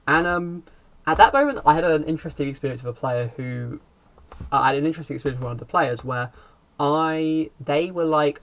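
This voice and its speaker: A man's voice: fairly high pitch, lively intonation, normal speed, fairly bright tone. A man who runs tabletop games, telling a rambling, self-correcting story about a session in a casual explainer talk. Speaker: game master giving advice.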